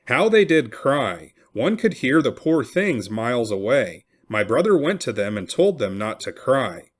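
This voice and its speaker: A man reads a historical first-person account aloud at a middling pitch. His delivery swings widely in pitch, and he lifts his voice when quoted people cry out. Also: a little slow. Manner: expressive, raising the voice for cried-out quotes. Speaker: reader. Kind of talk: reading a historical memoir aloud.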